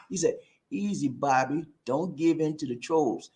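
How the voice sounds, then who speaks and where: A man hosting a casual livestream, animated and breaking into sung catchphrases. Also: a little high, unhurried, roomy sound. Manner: animated, sings and shouts catchphrases. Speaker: livestream host. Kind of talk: casual live chat. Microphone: new noise-reducing mic.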